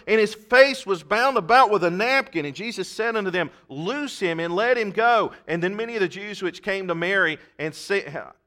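Bright-voiced preacher, dramatic. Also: male voice. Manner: reads scripture aloud, swings from loud emphatic shouts to low asides. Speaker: pastor. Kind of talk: sermon.

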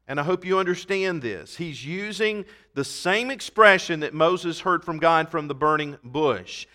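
Guy preaching in church, bright forceful voice, leans on words, plays with puns. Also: a little high. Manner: emphatic, punchy wordplay, reads scripture aloud. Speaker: pastor. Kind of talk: sermon.

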